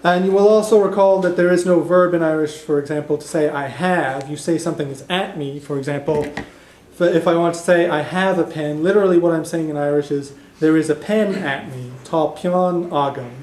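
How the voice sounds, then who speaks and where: A man's voice: on the high side, a little fast, darkish tone, a little hiss or hum. A man teaching a beginner language class, explaining patiently with fillers and restarts. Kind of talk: classroom lesson. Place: classroom in a cultural center. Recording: echoey classroom recording.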